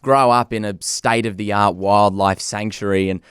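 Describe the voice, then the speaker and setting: A young Australian man speaks in a studio as a guest, his voice smooth and clear, a little low for a man. He sounds upbeat and enthusiastic. The sound is close and dry. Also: fairly even intonation, a little slow, fairly bright tone, no room sound. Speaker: conservationist guest. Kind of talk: radio interview answers. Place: radio studio.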